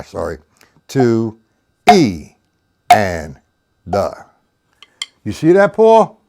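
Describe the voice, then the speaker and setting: A man teaching a live-streamed drum lesson, explaining patiently and counting the sticking aloud in a low murmur. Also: darkish tone. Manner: slow, patient explaining, reads out chat names. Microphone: webcam or computer mic on a live stream.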